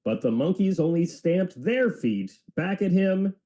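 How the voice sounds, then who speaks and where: A man's voice: sits high, unhurried. A man who works as a teacher, reading a children's book aloud with playful asides and banter. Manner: playful, animated storyteller.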